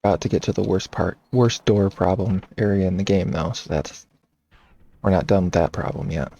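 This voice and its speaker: A man casually commenting on his game playthrough, rambling and thinking out loud. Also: deep voice, moderate pace, gravelly, highs cut off. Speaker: game streamer. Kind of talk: casual let's-play commentary.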